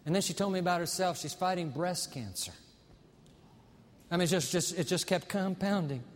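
A male pastor preaching a sermon, telling a story dramatically and slowing down on key words for emphasis. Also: sits high, big-room sound.

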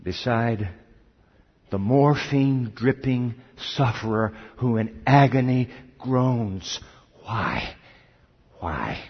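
A man preaching a sermon, swinging dramatically between loud cries and hushed questions. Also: medium pitch, steady tone, takes it slowly, breathy edge. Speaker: pastor. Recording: long hall reverb, dull lo-fi sound.

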